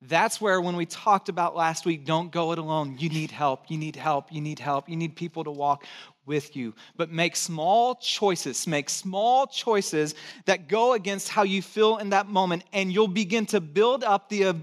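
This middle-aged pastor, born in Texas and raised in California, has a high voice and an unhurried pace. His sermon is emphatic yet conversational, and he keeps repeating his key phrases.

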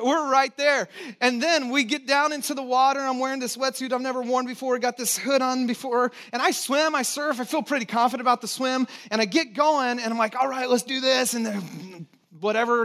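A middle-aged man preaching a sermon, telling a personal story with lively acted-out exclamations and dropping low for solemn points. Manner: animated storytelling, acts out his own panic with sudden loud exclamations. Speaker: pastor.

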